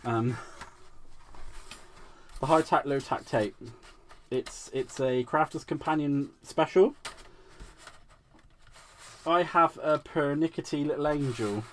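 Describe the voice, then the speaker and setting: A man with a slightly high voice hosts a crafting livestream demo, talking slowly with frequent pauses. Playful and giggly, he makes fun of himself and answers viewers' comments as he works.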